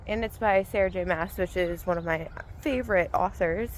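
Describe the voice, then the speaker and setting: A woman's voice: lowish voice, moderate pace, slight background noise, poor audio. Woman chatting casually on an outdoor walk. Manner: relaxed, rambling, thinking aloud. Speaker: vlogger and mindset coach. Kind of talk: casual spoken gratitude journal.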